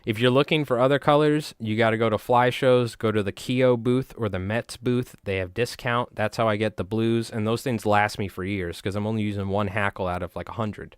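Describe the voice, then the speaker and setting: A man, chatting in a rambling, animated way to his viewers while tying flies on a live stream. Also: lowish voice, a little fast, few pauses, smooth, no echo, clean studio sound. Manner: rambling, animated, talks to chat.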